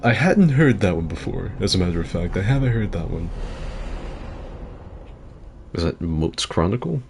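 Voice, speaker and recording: A man's voice: deep voice, expressive, normal speed, vocal fry, darkish tone, slight background noise. A man rambling casually as he comments on his own gameplay, with loose filler-heavy talk and swearing. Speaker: gaming streamer.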